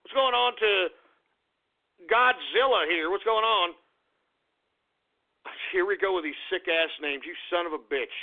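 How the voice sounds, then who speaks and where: A man's voice: high voice, a little slow, vocal fry, long pauses. A man hosting a comedic radio show, ranting crudely and brashly in mock fury. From Texas. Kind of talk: comedic call-in radio rant. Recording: tinny lo-fi phone-like audio.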